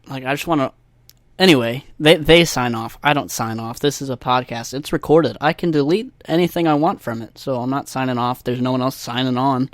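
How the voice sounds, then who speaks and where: A man's voice: mid-range voice, normal speed, no room sound, clean studio sound. Rambling, profane podcast guy. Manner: rambling, profane, self-mocking. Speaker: podcast host. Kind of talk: casual solo podcast monologue. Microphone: USB desk microphone.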